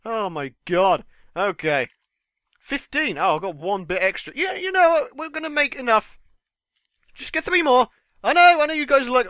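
Casting: young gamer guy, high, lively voice, slightly stuffed-up, chatty and excitable. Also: moderate pace, no room sound, clean studio sound. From United Kingdom. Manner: chatty, excitable, swears mildly, jokes with viewers. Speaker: gaming channel host. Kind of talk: casual gameplay commentary.

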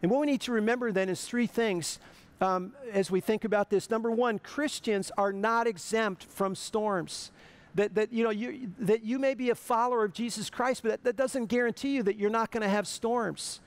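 A man's voice: high voice, moderate pace, smooth. A male pastor preaching a sermon in an earnest, conversational way, often restarting his phrases.

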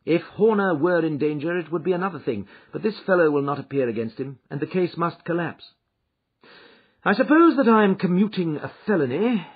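A man doing a calm, commanding detective. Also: sits high, heavily acted. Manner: crisp, reflective, authoritative. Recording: dull lo-fi recording.

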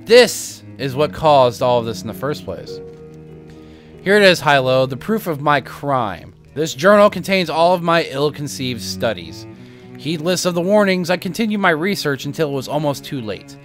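A man's voice: fairly high pitch, lively intonation, moderate pace, faint music behind, natural voice. A man reading a remorseful elf mage. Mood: regretful. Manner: reading quest text aloud, regretful.

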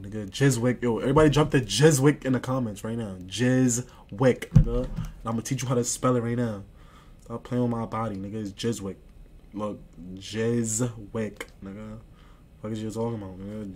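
A man's voice: fairly low pitch, steady tone, fairly quick, a little mellow, slight background noise. Slangy young man streaming, muttering boasts. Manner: slangy, boastful, repeats phrases, often drops to a mutter. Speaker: livestreamer. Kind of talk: casual stream chat, reading and answering chat.

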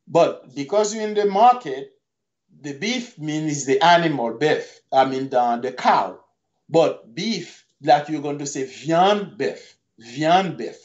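A man teaching a language lesson online, saying each word and repeating it slowly for pronunciation practice. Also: on the high side. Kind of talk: slow vocabulary lesson with repetitions. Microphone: video call. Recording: dull lo-fi online class audio.

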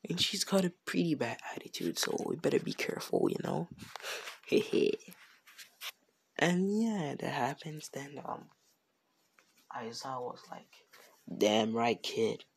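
Young man, slow and husky, slangy rambling storyteller, improvised fan fiction read. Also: a little high, wildly swooping pitch. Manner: rambling, slangy, self-correcting.

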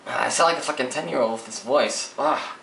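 A man's voice: mid-range voice, brisk, vocal fry. A man giving live commentary over a role-playing game, swearing and ranting often. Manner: profane, frustrated ranting. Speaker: gameplay commentator. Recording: echoey, distant mic, noisy game sound. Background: game audio with ambience.

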